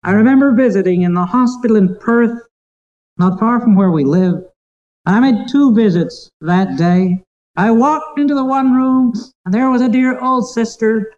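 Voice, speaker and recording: A preacher delivers a sermon with earnest tenderness, leaning on key phrases slowly and deliberately. The voice sits at a middling pitch, and the recording sounds somewhat dull and muffled. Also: darkish tone.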